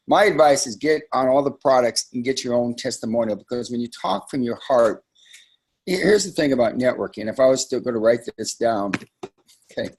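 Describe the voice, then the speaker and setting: A man's voice: medium pitch, animated, fairly quick, darkish tone, a little hiss or hum. A man hosting a live sales training call for his team, talking in a conversational, emphatic way with frequent asides.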